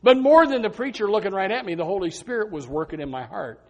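High-pitched pastor guy preaching, gets loud then goes quiet, stumbles and restarts a lot. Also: lively intonation, quick pace, muffled recording. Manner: earnest preaching, swings from loud to hushed; frequent repeated words and restarts. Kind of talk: sermon.

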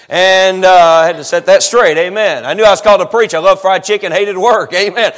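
A folksy evangelist man with a high voice, preaching a sermon. He drops jokes and amens between stories and builds to shouted appeals. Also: a little fast, few pauses. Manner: folksy, joking asides, frequent amens, rising to shouts. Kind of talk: sermon with storytelling.

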